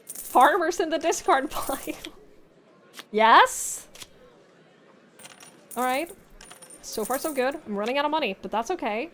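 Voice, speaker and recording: A woman's voice: high voice, animated, measured pace, long pauses, a little hiss or hum. A woman streamer commentating her own play live, talking to the game, swearing, laughing and thinking aloud between moves. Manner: talks to the game, swears, shifts from muttering to yelling.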